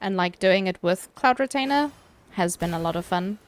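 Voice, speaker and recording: A woman with an expressive, medium-pitched voice streams a game while chatting casually with viewers. She swears loosely and answers chat between quick laughs.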